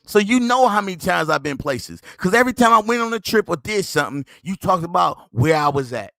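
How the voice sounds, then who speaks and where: High, lively, mocking podcast host man. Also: a little fast, gravelly, no echo. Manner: mocking, scolding, laughs at the other man. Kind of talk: heated commentary on a played clip.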